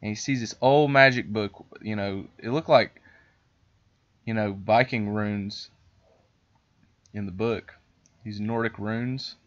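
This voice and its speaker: A man hosting a podcast, telling a story in a rambling, profane, animated way. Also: lowish voice, slow, pauses often, lo-fi sound. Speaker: podcast host. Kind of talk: casual storytelling chat.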